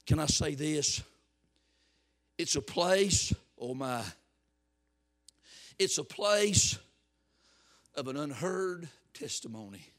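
A man preaching a fiery revival sermon, swinging from hushed tones to shouts and repeating words for emphasis. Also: on the high side, animated, slow pace, long pauses.

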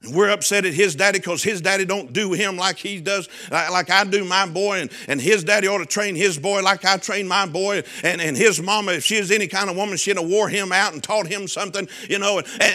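A middle-aged man preaching a sermon, swinging from loud shouts down to quiet, hushed lines. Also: high voice, brisk, hardly any pauses. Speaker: pastor.

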